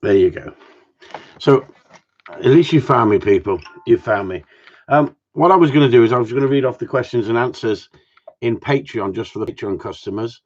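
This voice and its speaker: A man with a medium-pitched, slightly mellow voice hosts a casual live stream for his followers at a moderate pace. He's jokey and chatty and greets viewers by name, all over dull lo-fi stream audio.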